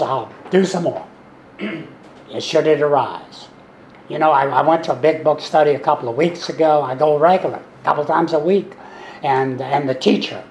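At a recovery meeting in a meeting room, a man in his seventies shares his story in a voice on the high side. His delivery is folksy, wry and sarcastic, and he repeats himself often. The rough recording sounds roomy, with a little hiss or hum.

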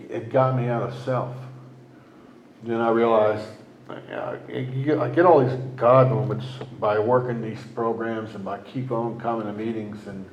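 A man sharing his personal recovery story at a meeting, rambling and halting, with many restarts and fillers. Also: lowish voice, roomy sound, muffled recording, a little hiss or hum. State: emotional at times. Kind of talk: personal testimony.

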